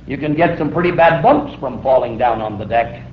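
A man's voice: mid-range voice, expressive, brisk. A middle-aged man preaching a sermon, telling a story vividly and acting out the voices in it. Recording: roomy, dull old recording with faint hiss.

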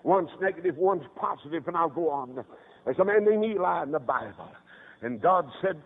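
A man, a preacher from the North Carolina mountains, giving an impassioned revival sermon and breaking into sudden high cries and weeping. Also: expressive, normal speed. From North Carolina mountains, USA. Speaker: preacher, radio evangelist. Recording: tinny lo-fi old radio broadcast.

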